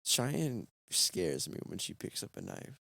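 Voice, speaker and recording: Gravelly-voiced guy. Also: low-pitched, huge pitch swings, slow pace, pushed and bright, dry recording. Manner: joking, teasing, swears casually. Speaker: podcast co-host. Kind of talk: casual late-night chat.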